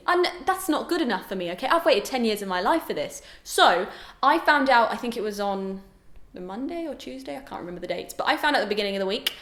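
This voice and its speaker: A young adult woman chatting casually to camera as a vlogger, animated and exclaiming. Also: medium pitch, normal speed. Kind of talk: casual vlog chat. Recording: roomy echo.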